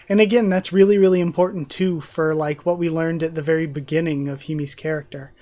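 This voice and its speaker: This is a channel host reading a manga chapter out loud, speaking the character dialogue in a voice close to their own and breaking into laughs as they comment on the panels. The voice sits at a middling pitch and is recorded up close on a desk mic. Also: steady tone, a little fast, few pauses.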